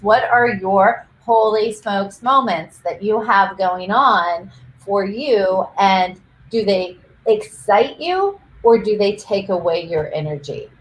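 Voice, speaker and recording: A woman's voice: medium pitch, echoey room, rough recording. A woman coach co-hosting a casual livestream, explaining ideas in an encouraging way on a video call. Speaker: coach and co-host.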